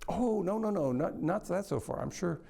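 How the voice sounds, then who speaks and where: A man's voice: high voice, expressive, normal speed, gravelly, warm tone, pitched above the performer's own voice, exaggerated voice. A man voicing a fussy, nervous young man's ghost who pleads and dithers. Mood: flustered. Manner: flustered, pleading.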